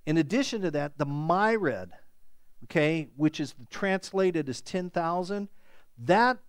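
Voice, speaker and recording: A pastor preaching a sermon, emphatic and animated, repeating words for stress. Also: male voice, fairly high pitch, a little slow, clear, resonant tone, no echo.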